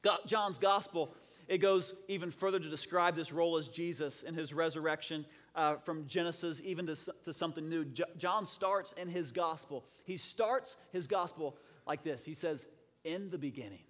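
A man preaching a sermon as a pastor, swinging between loud, impassioned lines and hushed, dramatic ones. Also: fairly high pitch, moderate pace, big-room sound.

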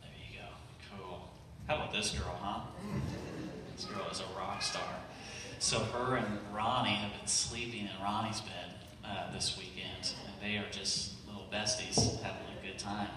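A man's voice: lowish voice, fairly even intonation, moderate pace. Casual encouraging pastor guy up front at church, echoey room, people chattering and background noise. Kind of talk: leading a church service. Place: large church hall. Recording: echoey church hall with congregation noise, far from mic.

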